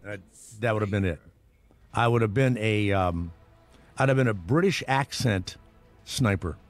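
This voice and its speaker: A man's voice: fairly low pitch, normal speed, soft background music. A middle-aged man hosting a morning radio show, rambling and sarcastic, with lots of restarts and asides.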